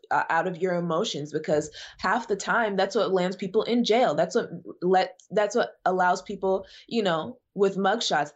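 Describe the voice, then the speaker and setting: Her lowish voice comes through lo-fi sound as this woman, a guest evangelist in a podcast conversation, preaches emphatically and repeats phrases for emphasis.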